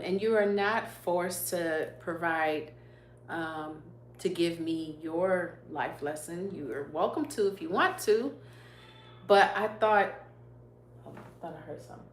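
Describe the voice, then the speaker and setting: Her voice fairly low and fairly bright, this YouTube livestream host gives an earnest, emotional faith testimony, laughing often and reading out viewer comments to answer them. An echoey room and faint hum surround her.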